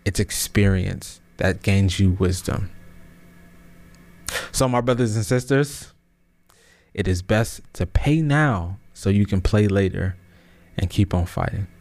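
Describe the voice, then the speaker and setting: A man's voice: lowish voice, slow, long pauses, a little mellow. A man in his thirties hosting a podcast, delivering a casual motivational monologue with slang and many restarts that builds to emphatic peaks. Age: 30s. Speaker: podcast host.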